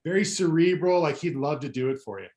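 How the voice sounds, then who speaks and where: A man's voice: mid-range voice, animated, fast, a little mellow. Man telling long stories on a podcast. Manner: rambling anecdotes with self-corrections. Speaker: guest, former pro pitcher. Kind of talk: casual storytelling chat.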